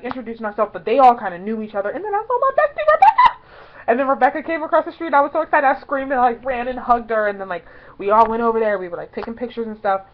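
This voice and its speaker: A young woman vlogger telling a story in a casual, chatty way, excitedly acting out quotes in higher voices. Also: phone-quality sound.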